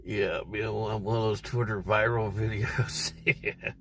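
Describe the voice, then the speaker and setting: A man's voice: on the low side, little pitch movement, a little slow, a bit bright, a little hiss or hum. A man telling a rambling, profane story on a casual livestream from inside his car. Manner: profane, rambling and irritated, heavy swearing. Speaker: livestream host.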